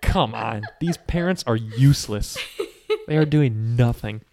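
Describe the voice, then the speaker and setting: A medium-pitched man with vocal fry speaks at a measured pace, recapping a movie for a podcast in casual conversation. His storytelling is animated, heavy on "like" and other fillers, and he briefly acts out character quotes in different voices.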